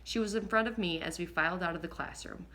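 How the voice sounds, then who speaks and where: Bright-voiced woman reading an audiobook. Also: fairly low pitch, fast talker. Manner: lively, expressive reading with occasional slips and rereads. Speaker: audiobook narrator. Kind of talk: first-person audiobook reading.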